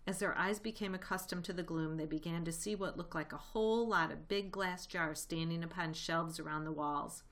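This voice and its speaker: Expressive woman reading a kids' book aloud, bright tone. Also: fairly low pitch, normal speed, few pauses. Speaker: narrator. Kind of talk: audiobook reading.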